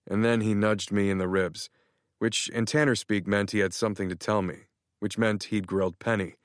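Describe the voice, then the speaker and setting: A male audiobook narrator with a fairly low voice, reading in the first person at a measured, even pace. He sits close to the mic. The sound is dry and free of any room echo. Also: clear, resonant tone.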